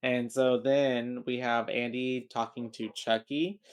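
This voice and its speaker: A man co-hosting a podcast, recapping a film in loose, agreeable talk full of fillers and quick "mm-hmm"s. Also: medium pitch, little pitch movement, clean tone. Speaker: podcast co-host. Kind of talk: casual chat recapping a film.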